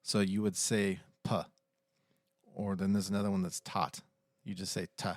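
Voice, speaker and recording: A man co-hosting a podcast, explaining facts at length in a relaxed, casual chat. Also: low-pitched, moderate pace, dry recording, clean studio sound. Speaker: podcast co-host.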